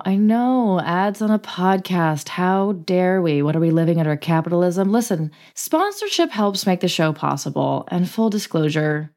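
A woman's voice: fairly low pitch, darkish tone. Playful woman cohosting a podcast, laughs a lot, easy casual chat. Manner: playful, giggly, reads ads briskly. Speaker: podcast co-host.

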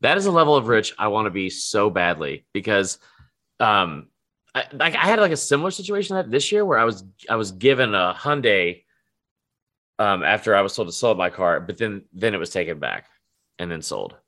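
A man's voice: lowish voice, big pitch swings, fairly quick, pushed and bright. A man co-hosting a podcast, rambling and swearing with plenty of filler words. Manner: rambling, profane, lots of "like" fillers. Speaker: podcast co-host. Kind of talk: casual podcast chat.

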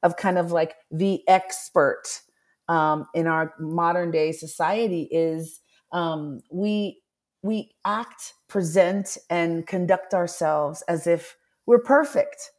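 A middle-aged woman author, interviewed as a guest, shares a personal story earnestly and thinks aloud in a candid conversation. Her voice is lowish and darkish in tone, and she speaks slowly.

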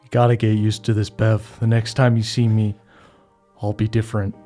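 A man's voice: lowish voice, little pitch movement, moderate pace, mellow, soft background music, natural voice. A man voicing a weary older father bound to devils, speaking in a somber, resigned way.

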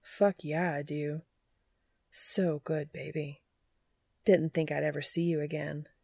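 A woman's voice: sits low, steady tone, takes it slowly, vocal fry, a little mellow, dry recording, full character voice. A woman reading the part of a joking, eager adult man in a casual tone. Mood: teasing, eager. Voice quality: casual and teasing. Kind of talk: audiobook character reading.

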